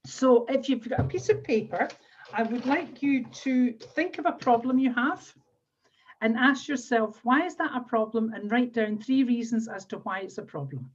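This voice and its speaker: A woman's voice: on the high side, husky. A woman with a Scottish accent teaching a live online coaching workshop, walking listeners through exercises step by step and often repeating phrases. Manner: instructive, repeats phrases while guiding exercises. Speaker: NLP trainer and coach. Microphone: video call. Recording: dull lo-fi webinar audio.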